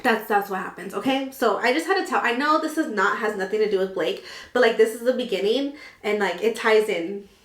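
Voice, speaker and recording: A young woman tells a wild personal story straight to camera, animated and dramatic, swearing freely. Her voice sits in the middle of a woman's range. The room around her is echoey. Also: mid-range voice, a little fast, hardly any pauses. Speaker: vlogger. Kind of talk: storytime vlog.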